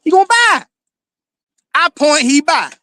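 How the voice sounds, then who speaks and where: High-voiced man rambling on. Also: sing-song, unhurried, pushed and bright, no echo. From Florida. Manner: rambling, swears often, many "you know"s. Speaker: streaming show host. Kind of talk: casual monologue.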